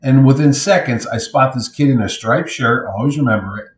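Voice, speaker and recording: A middle-aged man, a convention organizer, telling lively anecdotes in casual podcast style and acting out what others said. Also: mid-range voice, fairly quick. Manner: animated anecdotes, acts out others' lines. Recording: roomy echo.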